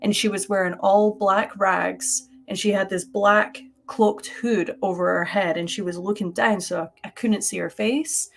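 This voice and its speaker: Woman, stream co-host, animated and chatty, full of "like" fillers, webcam sound, mid-pitched voice. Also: unhurried, gravelly, hardly any pauses. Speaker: podcast co-host. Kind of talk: casual live-stream storytelling. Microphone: webcam on a live stream.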